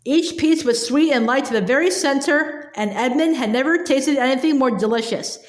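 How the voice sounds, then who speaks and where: High-voiced woman reading a storybook. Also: normal speed. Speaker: narrator. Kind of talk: storybook read-aloud. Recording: echoey room.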